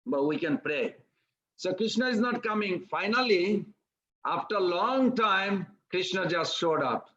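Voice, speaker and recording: A man giving a devotional sermon, telling a story in an animated way and acting out its characters. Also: sits high, a little slow, lo-fi sound. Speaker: preacher.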